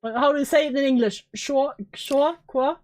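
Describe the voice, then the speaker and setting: A woman with a slightly high voice chats loosely on a stream. She jokes crudely and keeps breaking into laughter as she reacts along with a co-host. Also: moderate pace, a little mellow. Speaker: VTuber streamer. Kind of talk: casual stream chat.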